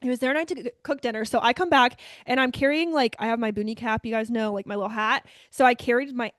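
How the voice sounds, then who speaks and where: A woman's voice: on the high side, fast, no echo, clean studio sound. A young adult woman hosting a podcast, telling a story in casual chat and acting out the people she quotes. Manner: animated, acts out the voices of the people she quotes. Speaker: podcast host.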